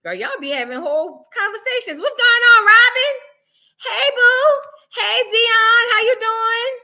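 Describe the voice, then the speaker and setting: New orleans lady hosting a livestream, high bright voice, playful and animated, lots of hey boo. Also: measured pace. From New Orleans, Louisiana. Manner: animated, playful, calls viewers boo and girl. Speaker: livestream host. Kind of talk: casual livestream chat greeting viewers.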